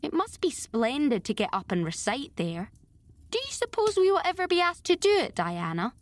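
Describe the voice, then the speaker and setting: A woman voicing an excited, imaginative young girl who speaks rapturously and with lofty dignity. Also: on the high side, moderate pace, dry recording, natural voice.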